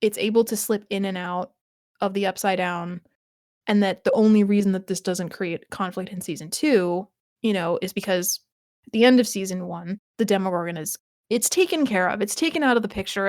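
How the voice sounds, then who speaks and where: A woman's voice: medium pitch, a little fast, darkish tone, no room sound, studio quality. A woman co-hosting a podcast, chatting casually about a TV episode, laughing often and restarting her sentences. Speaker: podcast co-host.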